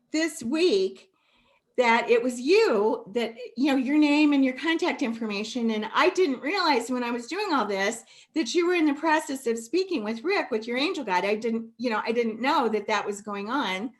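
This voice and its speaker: A woman hosting a masterclass over a video call, talking affectionately and getting emotional, calling the listener sweetie and honey. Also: sits high. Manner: warm, affectionate, tearful at times. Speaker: masterclass host. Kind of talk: live video call talk.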